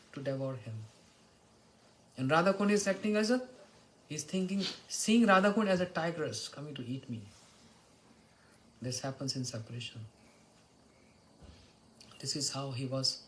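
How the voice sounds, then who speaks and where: A man's voice: a little high, slight background noise, poor audio. A man giving a devotional morning lecture, telling stories and chanting verses. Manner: storytelling, chants Sanskrit and Bengali verses. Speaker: spiritual teacher.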